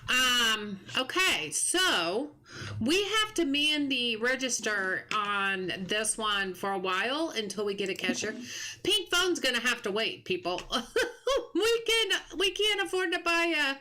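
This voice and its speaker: A woman's voice: fairly high pitch, very animated, slow pace, bright, forceful tone. A woman streaming a game live, chatting casually, musing aloud as she plays and greeting viewers from chat.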